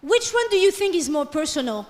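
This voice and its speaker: A woman's voice: high voice, big pitch swings, brisk, darkish tone. A woman teaching French in a classroom lecture, switching between English and French and coaxing the class with questions. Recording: long hall reverb.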